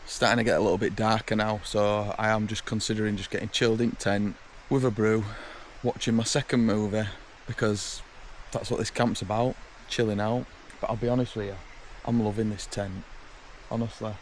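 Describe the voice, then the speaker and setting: A man with a lowish, fairly level voice talks at a moderate pace over a faint hiss or hum. He's a camping vlogger at a woodland camp, telling blunt, chatty, exasperated stories straight to the camera.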